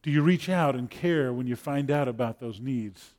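A man preaching a sermon from New Orleans, dropping to hushed lines and building to loud, excited peaks, often repeating words as he presses a point. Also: medium pitch, normal speed, few pauses. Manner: dynamic preaching, drops to near whisper then builds loud. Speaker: pastor.

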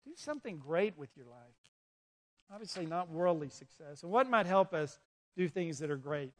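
A man's voice: on the high side, normal speed. A man preaching a sermon to young people, telling stories and urging listeners directly. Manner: animated, storytelling, urges listeners directly. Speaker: youth pastor. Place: indoor room with an audience.

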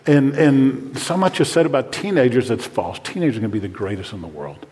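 An older man preaching a sermon to fathers, earnest and dropping to a hushed voice when praying. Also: mid-range voice, fairly quick, long reverb tail. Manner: earnest, drops to a hushed voice for prayers. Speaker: pastor.

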